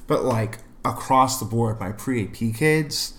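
A young adult man, a middle school math teacher, chatting casually with a relaxed storytelling manner. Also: medium pitch, slow. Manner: relaxed storytelling, many fillers. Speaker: math teacher and podcast co-host. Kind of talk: casual chat.

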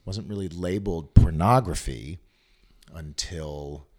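Very deep-voiced man explaining at length. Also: measured pace, darkish tone. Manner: explanatory, digressive storytelling. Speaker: podcast guest. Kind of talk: casual chat.

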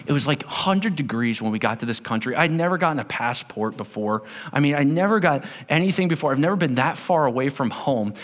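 A man preaching a sermon as pastor, telling stories and swinging from loud to hushed. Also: high-pitched. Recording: long hall reverb.

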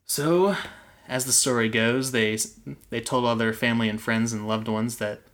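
Bright-voiced young man telling a story. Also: mid-range voice, steady tone, normal speed. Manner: chatty, with many fillers and restarts. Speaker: podcast host telling a mystery story. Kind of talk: casual storytelling.

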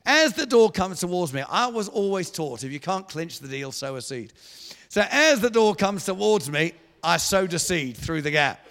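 A man preaches to a congregation, his voice sitting high and full of bounce as he spins a story. The sound carries a long reverb tail from the church hall around him. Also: moderate pace. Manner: animated storyteller, acting out voices. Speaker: guest preacher. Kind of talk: sermon storytelling.

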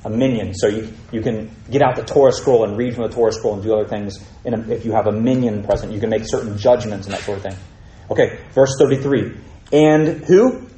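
A man's voice: on the low side, brisk, dark tone, reverberant, rough recording. A man teaching a Bible study, reading scripture aloud and explaining it with questions to his listeners.

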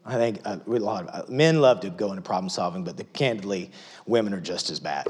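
A middle-aged male pastor preaching a sermon in a church, dropping to near-whispers and rising to loud, emphatic pleas. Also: fairly low pitch, very animated, fast, slightly rough. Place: church auditorium.

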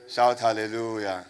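A middle-aged man, a pastor, preaching a sermon and asking his congregation to repeat his words back. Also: lowish voice. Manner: call-and-response preaching, repeats questions to the crowd.

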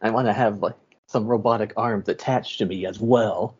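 A man's voice: lowish voice, steady tone, normal speed, husky. A man hosting a podcast in casual chat, joking loosely and laughing often. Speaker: podcast host. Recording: dull lo-fi podcast audio.

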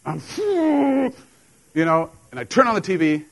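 A middle-aged man delivers a sermon in church, his carrying a tinge. He talks to the congregation like old friends, mixing jokes and laughs into the preaching. His voice sits slightly high for a man. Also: sing-song, slow, rough recording. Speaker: pastor.

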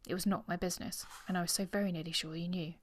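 A woman reading as a soft-spoken, anxious young lady. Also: fairly low pitch, steady tone, racing, natural voice. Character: sensible young woman, anxious and self-reproaching.

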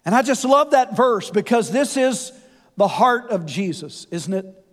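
High-voiced preacher, slow and echoing. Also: male voice. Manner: folksy, animated storytelling with asides. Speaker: pastor. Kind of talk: sermon. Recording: long hall reverb.

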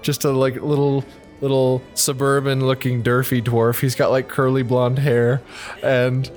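A man's voice: medium pitch, little pitch movement, unhurried, darkish tone, soft background music. Laid-back male game master. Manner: laid-back, casual narration. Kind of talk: narrating a tabletop game.

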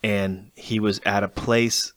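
Low-voiced man telling race stories. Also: takes it slowly, no room sound. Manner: lively storyteller recounting a race. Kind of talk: casual conversation.

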